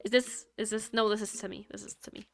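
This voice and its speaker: A woman's voice: medium pitch, flat delivery, fast, vocal fry, no echo. A woman streaming a video game, chatting casually in a giggly, rambling, playful way into a USB microphone at home. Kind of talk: casual gameplay chat.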